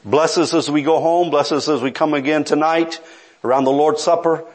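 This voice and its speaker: A man's voice: fairly high pitch, fairly even intonation, moderate pace. A middle-aged man preaching a sermon, telling a story with earnest, pleading intensity.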